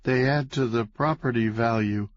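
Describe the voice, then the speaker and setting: A man voicing a dazed, injured man in shock who speaks flatly and slowly, like a robot. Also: mid-range voice, no room sound, pitched above the performer's own voice, close to an everyday voice. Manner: flat, robotic, slow. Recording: dull, lo-fi, dry.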